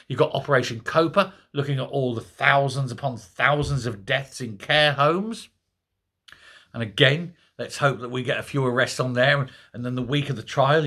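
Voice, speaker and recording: Brief: middle-aged male commentator, bright, forceful voice, mocking and sarcastic rant to camera. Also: medium pitch. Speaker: political commentary host. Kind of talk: solo political rant to camera.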